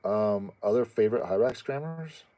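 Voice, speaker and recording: A man hosting his own channel, answering viewer questions in a rambling, halting casual chat full of restarts. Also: lively intonation, warm tone. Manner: acts out pet voices in a high squeaky tone.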